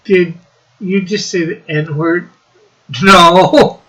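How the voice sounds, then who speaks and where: Guy hosting a stream, bright voice, slow talker, reads the chat and laughs a lot. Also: fairly high pitch, rough recording. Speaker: livestream host. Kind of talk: casual livestream chat.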